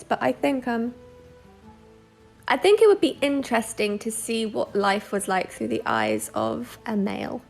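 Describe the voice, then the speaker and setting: A woman's voice: on the high side, very animated, measured pace, gravelly, soft background music. A woman guest on a casual podcast chat, speaking candidly. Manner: candid, chatty.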